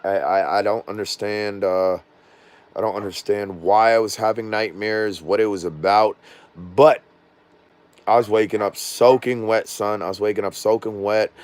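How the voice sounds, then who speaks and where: Low-voiced rambling man vlogging at home. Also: steady tone, moderate pace. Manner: rambling, loses his train of thought, slangy. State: says his voice is not normal. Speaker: drone vlogger. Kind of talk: rambling casual vlog. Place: at home indoors.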